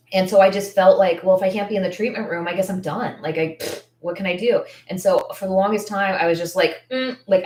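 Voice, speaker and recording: A woman's voice: lowish voice, darkish tone. Rambling woman in an echoey room. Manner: rambling, thinking aloud with many fillers; candid and heartfelt. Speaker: esthetician business coach. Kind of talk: casual Q&A talk. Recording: echoey room, distant mic.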